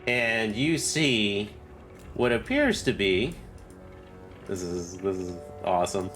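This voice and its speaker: A man narrating as game master of a tabletop game, talking slowly with plenty of fillers. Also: on the low side, expressive, fairly bright tone, faint music behind. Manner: slow, drawn-out narration with fillers.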